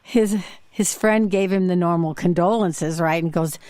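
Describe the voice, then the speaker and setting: A woman's voice: fairly low pitch, fairly even intonation, measured pace, dark tone, no room sound. A woman hosting a podcast, telling stories in a chatty, casual monologue. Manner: chatty, with frequent fillers and restarts. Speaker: podcast host.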